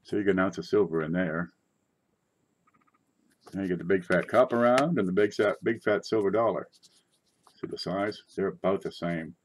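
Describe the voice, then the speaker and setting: A man with a fairly low voice hosts a casual coin show from his desk. He rambles in a chatty way and breaks into sudden excited outbursts. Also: normal speed, long pauses, slight background noise. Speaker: coin collecting channel host. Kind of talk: casual livestream chat.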